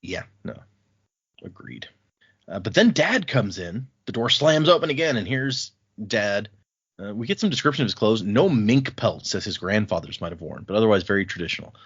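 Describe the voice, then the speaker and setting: A man co-hosting a podcast, casually recapping book chapters and paraphrasing the characters' lines in an animated way. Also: fairly low pitch, normal speed, breathy edge, highs cut off. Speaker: podcast co-host.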